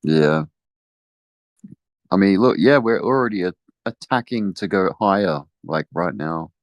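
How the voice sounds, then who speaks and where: A man with a fairly low voice talks hesitantly in a podcast chat, filling his speech with little fillers. The sound is dry and close. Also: lively intonation, a little slow, no room sound. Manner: hesitant, filler-heavy, mocking quotes. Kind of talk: casual chat.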